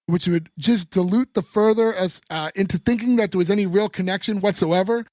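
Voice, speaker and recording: A man co-hosting a podcast, retelling a sitcom episode in a casual, animated way and acting out the characters' lines. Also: high voice, a little fast, dry recording, studio quality. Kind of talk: casual chat.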